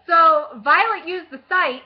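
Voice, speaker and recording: A young woman vlogger chatting about a book, gushing and excitable, with lots of fillers and casual swearing. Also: extremely high pitch, a little slow, highs cut off.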